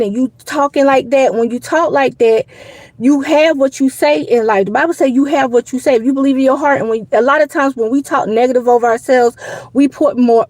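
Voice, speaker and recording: A woman's voice: fairly high pitch, a little mellow, dry recording, poor audio. A woman hosting a live boxing show, talking in a loose, rambling, casual way with lots of "you know what I'm saying". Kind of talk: casual live stream commentary.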